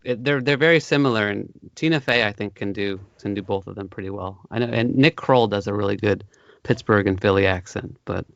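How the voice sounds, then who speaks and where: A man co-hosting a podcast, from Ohio, chatting casually and rambling through stories with lots of "like" and animated bursts. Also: fairly low pitch, a little fast, vocal fry, no room sound. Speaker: podcast co-host. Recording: dry, slightly dull sound.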